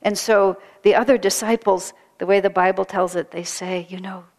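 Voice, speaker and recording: A woman retelling a sacred story as a spiritual teacher, soft-spoken and earnest, often dropping to a hush and repeating phrases for weight. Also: medium pitch, steady tone, normal speed, long reverb tail.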